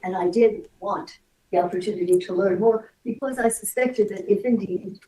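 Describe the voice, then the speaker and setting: A woman testifying as a witness in court, answering in halting, hesitant phrases. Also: medium pitch, mellow, a little hiss or hum. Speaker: expert witness. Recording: distant courtroom audio.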